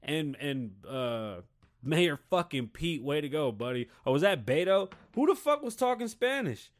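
A man's voice: on the high side, big pitch swings, measured pace. A man in his thirties from Puerto Rico, hosting a podcast with a blunt, heated, swear-heavy rant. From Puerto Rican. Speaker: podcast host. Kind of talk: casual profane rant.

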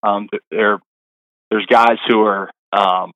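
A middle-aged man talks as a podcast guest, his voice sitting low. He rambles through stories with constant fillers and restarts. The sound is close and dry with no room around it. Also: steady tone, takes it slowly, a bit bright, no room sound, dull audio. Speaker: caddie guest. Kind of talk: casual interview storytelling.

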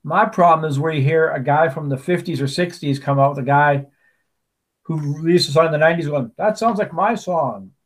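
Brisk and steady, a slightly high male voice carries this casual podcast chat. The co-host tells stories chattily, frequently restarting and drifting into asides.

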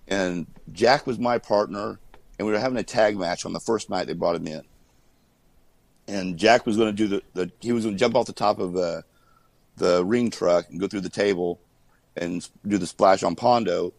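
A gravelly, low-pitched man spins an animated wrestling-road story in a relaxed interview, laughing between lines and jumping up in pitch when he acts out what others shouted. The sound is dry and close, with no room around it. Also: no echo, rough recording. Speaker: guest, former wrestler.

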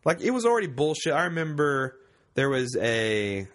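Man, podcast host, sick, casual rambling chat, animated pitch. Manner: rambling, swearing, quick to laugh.

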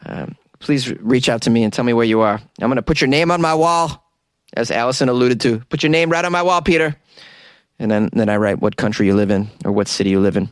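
An American man hosts a podcast from a small, hot closet serving as a studio, casually reading listener reviews aloud with jokey self-deprecation and frequent laughter. His mid-range voice moves fast, and the clean studio sound carries no echo.

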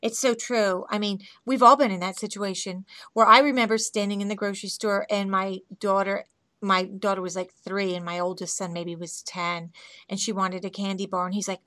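A woman's voice: mid-range voice, level tone, normal speed, a bit bright, no echo. A middle-aged woman host agreeing and sharing her own story in casual interview chat.

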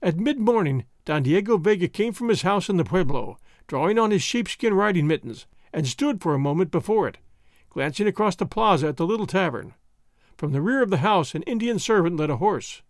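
A man narrating a classic adventure story in a theatrical, expressive manner. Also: high-pitched, a little fast, no room sound, studio quality. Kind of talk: scripted audiobook narration.

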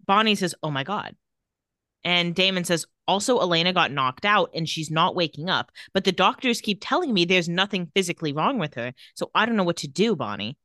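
Bright-voiced woman recapping a show. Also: on the low side, no room sound, clean studio sound. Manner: retells scenes quickly, reading out dialogue in a flat voice. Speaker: podcast co-host. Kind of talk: casual recap chat.

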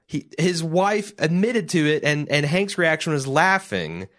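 A man co-hosting a casual podcast, talking excitedly and swearing, often mimicking characters in sudden high voices. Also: a little slow. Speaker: podcast co-host. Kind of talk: casual show discussion.

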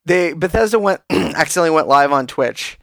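A man co-hosting a gaming podcast, animatedly retelling a funny story. His voice sits a bit high and sounds smooth, recorded dry and close. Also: fairly quick, dry recording. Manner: animated anecdote teller who acts out quoted voices. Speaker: podcast co-host. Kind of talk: casual chat.

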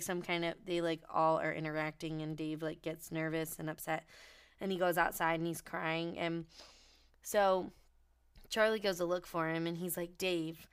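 A woman co-hosting a podcast in casual, excitable book chat, swearing freely and reading passages aloud. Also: fairly low pitch, clean tone. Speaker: podcast co-host.

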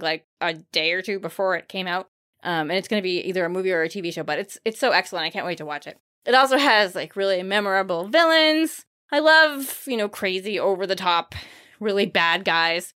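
A woman's voice: medium pitch, animated, fairly quick, pushed and bright. A woman co-hosting a casual book podcast, enthusiastic and gushing about books. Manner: enthusiastic, gushing, many fillers. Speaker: podcast co-host.

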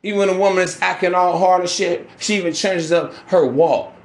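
Brash podcast host, fairly high-pitched man, preachy rant. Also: fairly even intonation, fairly quick. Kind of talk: ranting monologue.

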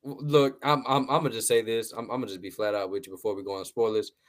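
A man's voice: on the low side, steady tone, fast. A man hosting a casual movie review podcast, talking bluntly with a lot of swearing, laughing, and repeated words. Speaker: podcast host.

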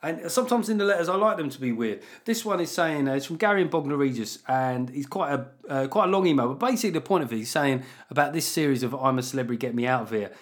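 A man's voice: mid-range voice, lively intonation, fast, few pauses. A man hosting a podcast, chatting casually in a rambling, sweary, sardonic way. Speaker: podcast host.

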